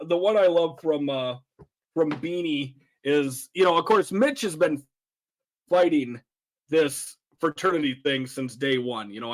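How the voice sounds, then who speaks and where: Podcast co-host, male, rambling casual chat, a bit high-pitched. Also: a little mellow. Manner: rambling, laughs while retelling quotes. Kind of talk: casual chat about a film.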